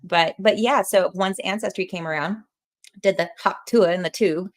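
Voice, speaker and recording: Podcast host: animated woman, quick to laugh, casual chat. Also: mid-range voice. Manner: animated, laughs often, talks with her hands.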